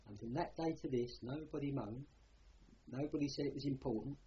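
A man's voice: medium pitch, fairly quick, mellow, lo-fi sound, a little hiss or hum. An older man with a Cockney accent, recalling his war service in a rambling, plain-spoken way, often adding "you know". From London. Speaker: war veteran interviewee. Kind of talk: oral history recollection.

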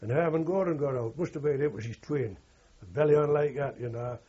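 In this muffled recording, an elderly war veteran speaks at a fairly quick clip in a mellow, slightly rough mid-range voice. He wanders through anecdotes during an oral history interview, leaning often on "you know" and "like."

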